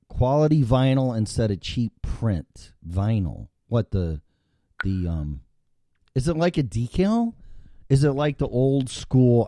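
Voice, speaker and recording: A man in his fifties hosting a casual livestream, rambling and swearing freely as he thinks out loud. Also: medium pitch, no room sound, clean studio sound. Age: 50s. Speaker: show host.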